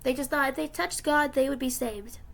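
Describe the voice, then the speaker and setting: Young woman vlogger, high gravelly voice, tearful, rambling casual storytelling. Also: moderate pace. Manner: rambling with many fillers, emotional. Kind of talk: casual retelling of a dream.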